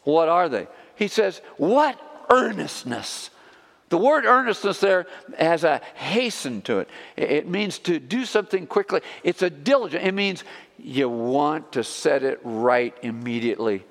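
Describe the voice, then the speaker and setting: Animated preacher man in a reverberant hall. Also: moderate pace. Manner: emphatic, rising to stressed words then dropping low. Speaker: pastor. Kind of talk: expository sermon.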